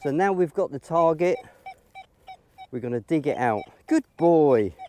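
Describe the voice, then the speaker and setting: Male dog trainer, mellow tone, calm explainer who bursts into high excited praise, open field. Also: moderate pace, slight background noise. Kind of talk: outdoor training demonstration.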